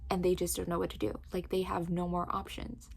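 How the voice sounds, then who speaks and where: A woman recapping a book's plot in casual chat, telling it with lively energy and many fillers like "like". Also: lowish voice, a little fast, vocal fry, breathy edge. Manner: animated storytelling with frequent "like". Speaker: book reviewer.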